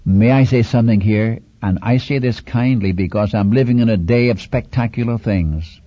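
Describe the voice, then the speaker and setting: A man's voice: mid-range voice, normal speed, few pauses, mellow, dry recording. A man preaching a sermon, earnest and pleading, retelling scripture dramatically and repeating his key points. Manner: dramatic retelling of scripture, rising on big images. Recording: dull lo-fi recording.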